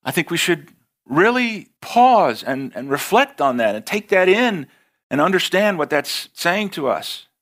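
A man with an American accent preaching a sermon, rising for emphasis and slowing down to read scripture. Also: on the high side, sing-song, a bit bright. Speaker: pastor.

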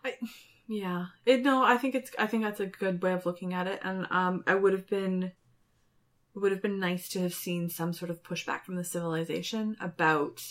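A woman co-hosting a podcast, chatting casually and thinking out loud about the episode. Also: on the low side, steady tone, normal speed. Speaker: podcast co-host. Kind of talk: casual chat recapping an episode.

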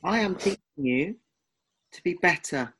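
A man's voice: sits high, expressive, unhurried, a bit bright, husky. A man with an Essex accent co-hosting a podcast in casual chat, teasing and protesting dramatically. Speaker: podcast co-host.

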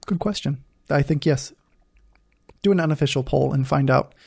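Male co-host, mellow dark tone, dry close sound, casual halting chat. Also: fairly high pitch, vocal fry, breathy edge, dry recording. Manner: halting, restarts often, playful. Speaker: podcast co-host.

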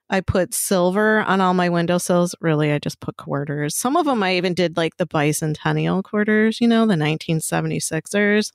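A middle-aged woman chatting casually as a co-host, her stories animated and peppered with swearing. Her voice sits on the low side. The sound is dry and close. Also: no echo. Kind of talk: casual chat.

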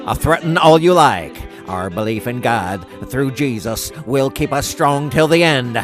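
An actor playing a calm, earnest male believer who announces a radio show in a comedic promo. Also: medium pitch, measured pace, lightly acted. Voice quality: steady, earnest. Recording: music bed under voice.

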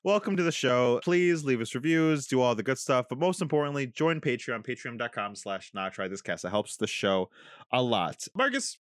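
A young man co-hosting a casual podcast, talking in animated, swearing, mock-outraged rants. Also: mid-range voice, normal speed, dry recording, clean studio sound. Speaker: podcast co-host.

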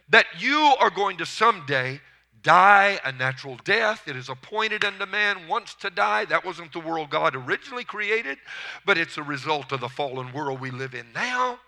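Male preacher, high and very bright tone, emphatic sermon delivery. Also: animated, moderate pace. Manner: emphatic preaching with rising calls of amen.

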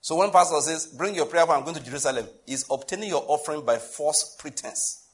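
Man, Nigerian accent, pastor, sermon, chatty and humorous, rhetorical questions, fairly high voice. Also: a little fast.

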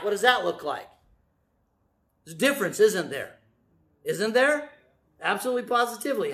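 A man delivers a lively church sermon in a high, bright voice with a sharp edge. He drives his points home by repeating phrases and slips in playful asides. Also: normal speed, pauses often, roomy sound. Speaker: preacher.

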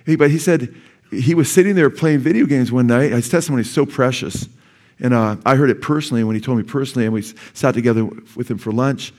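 A male pastor delivering a sermon in a church sanctuary. His voice sits at an ordinary middle pitch. He preaches earnestly and urgently, and his voice climbs sharply when he stresses a point. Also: fast, darkish tone. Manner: earnest, urgent preaching with sudden emphatic rises.

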